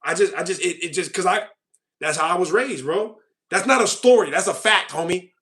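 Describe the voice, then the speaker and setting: Young male livestream host; high, bright voice; mocking, ranty casual chat. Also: brisk.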